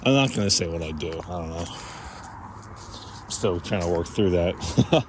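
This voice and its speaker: A man's voice: low voice, animated, moderate pace. A young man talking casually to the camera while out walking, rambling and self-conscious, full of fillers and restarts. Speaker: vlogger. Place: outdoors by a street. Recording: outdoor street noise behind.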